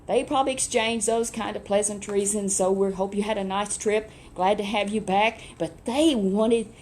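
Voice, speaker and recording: A woman telling a children's Bible story in a lively, chatty way, with asides to a puppet. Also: mid-range voice, normal speed, a little hiss or hum.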